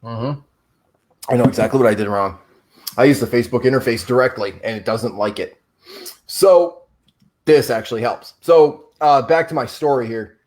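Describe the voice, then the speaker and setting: A man's voice: mid-range voice, moderate pace. A man hosting a casual online talk show, telling stories full of swearing. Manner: profane, animated storyteller. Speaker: show host. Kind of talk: casual storytelling chat.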